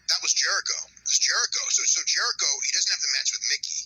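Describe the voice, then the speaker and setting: A man being interviewed, telling wrestling backstage stories in a casual, animated way and acting out quotes. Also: a little high, fast, slightly rough, dry recording, low-quality recording. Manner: animated, laughing, acts out quotes. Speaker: wrestling journalist guest.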